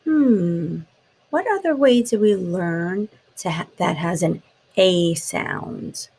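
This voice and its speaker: Slow, gravelly woman teaching phonics. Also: lowish voice, very animated, darkish tone, slight background noise, poor audio. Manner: slow, sounds out letters and taps words. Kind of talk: phonics lesson for young children.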